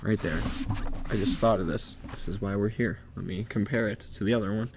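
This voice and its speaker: A man co-hosting a casual comics chat on a live stream, jokey and excitable, prone to loud laughs. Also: fairly low pitch, brisk, noisy background. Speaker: co-host.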